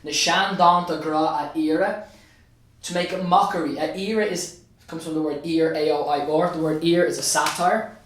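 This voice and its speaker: A man with a slightly high, a bit bright voice speaks at a moderate pace, far from the mic amid heavy reverb. As an Irish teacher and state examiner, he leads students through an exam answer one step at a time in a revision tutorial, switching between Irish and English and repeating important phrases.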